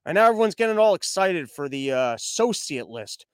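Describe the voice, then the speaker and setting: Sarcastic high-voiced male news podcaster. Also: big pitch swings, a little fast, clear, resonant tone, dry recording, studio quality. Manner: sarcastic, mocking, rambling. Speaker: news commentary host. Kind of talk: sarcastic news commentary with ad reads.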